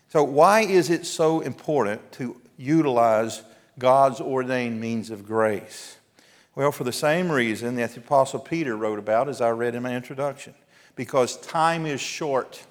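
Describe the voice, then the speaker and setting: A man, a pastor preaching an earnest, exhorting sermon with emphatic pauses. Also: mid-range voice. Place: church sanctuary. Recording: long hall reverb.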